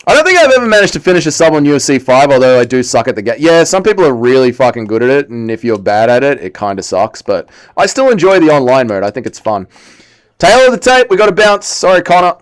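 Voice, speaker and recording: Excitable young man streaming a fight game. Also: medium pitch, quick pace. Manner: excitable, swears, reacts to the game and reads chat aloud. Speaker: livestreamer. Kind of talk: casual live-stream chat while gaming.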